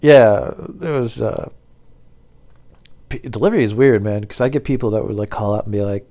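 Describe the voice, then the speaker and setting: A young man telling rambling stories to camera in a deadpan, casual way. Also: lowish voice, normal speed. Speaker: former pizza delivery driver telling stories.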